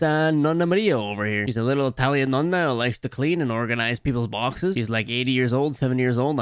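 Smooth-voiced young gaming YouTuber. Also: male voice, mid-range voice, fairly bright tone, no echo, clean studio sound. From Canada. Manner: upbeat, swears casually. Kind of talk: casual gaming commentary.

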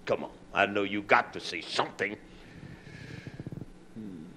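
A man preaching a sermon, swinging between raised shouting passages and low, confiding asides to the congregation. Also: a little slow, background noise.

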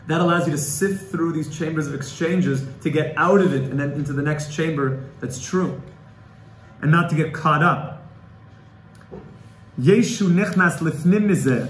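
A man giving a Torah class, emotional and pleading at times, quoting Hebrew and Aramaic texts. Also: a little high. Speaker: Torah teacher. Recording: echoey room with faint ambient noise.

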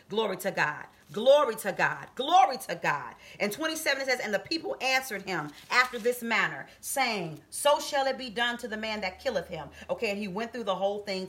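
Woman preacher, exhorting, bright tone, highish voice. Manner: exhorting, rises to high emphatic calls; reads scripture and explains it conversationally. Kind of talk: sermon on a live video stream.

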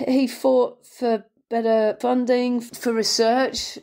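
Female podcast co-host, animated and emphatic, casual chat. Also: a little high, takes it slowly, vocal fry. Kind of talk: casual book-discussion chat.

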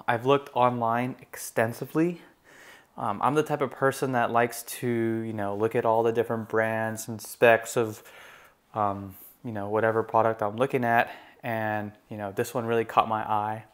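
A young man talks casually about fishing gear, relaxed and rambling, full of "um" and "you know." His voice sits at an ordinary middle pitch, and he perks up when something excites him. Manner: relaxed, rambling, many fillers. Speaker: gear reviewer. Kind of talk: casual product review.

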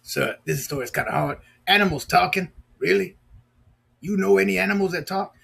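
Guy doing a sassy sidekick dude, raspy and kinda high, mouthing off. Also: fairly quick, a bit bright, heavily acted. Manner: cheeky, back-talking.

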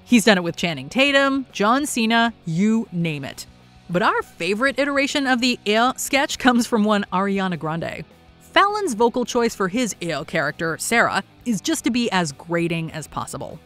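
A woman's voice: mid-range voice, animated, moderate pace, a bit bright, soft background music. Upbeat woman narrating a countdown. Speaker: countdown host. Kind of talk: scripted narration.

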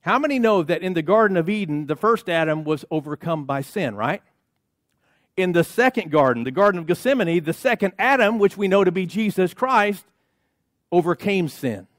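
Male pastor, high voice, emphatic rhythmic preaching, congregation call-outs, dry close sound. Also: animated, normal speed, no echo. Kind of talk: sermon. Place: church sanctuary.

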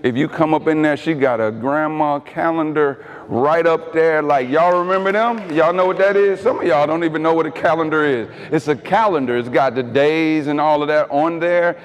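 Man, pastor, joking sermon, call-and-response, slightly high voice, long hall reverb. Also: moderate pace, hardly any pauses. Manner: casual, joking preaching with call-and-response to the congregation. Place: church sanctuary.

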